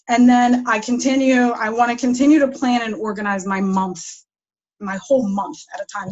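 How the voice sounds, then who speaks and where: A woman's voice: medium pitch, dull audio. A woman with a New Jersey accent, a guest coach sharing tips in a chatty way full of fillers. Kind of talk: casual talk sharing tips.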